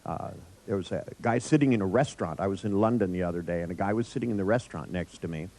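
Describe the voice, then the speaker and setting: A man's voice: low-pitched, fast, a little mellow, rough recording. A man giving a live workshop lecture to an audience, telling wry, joking anecdotes. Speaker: workshop trainer.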